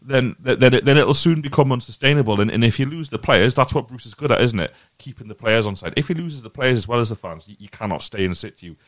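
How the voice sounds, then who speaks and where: A man with a medium-pitched, slightly bright voice hosts a casual football podcast, talking fast with hardly any pauses in a dry recording. His earnest opinions come out in a rambling stream, with frequent repeated words.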